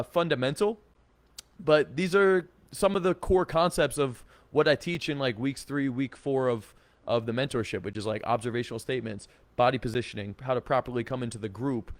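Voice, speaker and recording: A man giving casual dating advice to camera, energetic and blunt, with swearing and lots of 'like'. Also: on the high side, no echo. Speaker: dating coach.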